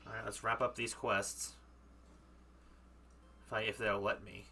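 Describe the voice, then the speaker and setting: Bright-voiced male game streamer. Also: fairly low pitch, level tone, measured pace, vocal fry, a little hiss or hum. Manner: chatty, laughs at himself, reads game text aloud. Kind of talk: live gameplay commentary.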